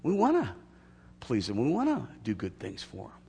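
A man preaching a sermon to his church, swinging from loud emphatic peaks to quiet asides. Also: mid-range voice, huge pitch swings, moderate pace, vocal fry, slight background noise. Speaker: pastor. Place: church sanctuary. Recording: long hall reverb.

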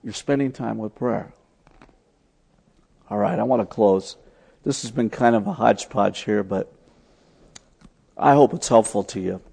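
A man preaching a sermon, telling stories as he teaches, swinging from loud emphatic lines to soft, hushed ones. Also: lowish voice, a little slow, creaky, long pauses, breathy edge. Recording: long hall reverb.

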